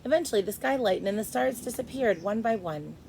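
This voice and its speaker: A woman teacher reading a chapter book aloud to first graders, expressive and stopping to explain. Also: on the high side, fast, vocal fry, a little hiss or hum, low-quality recording. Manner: expressive, stops to explain to kids.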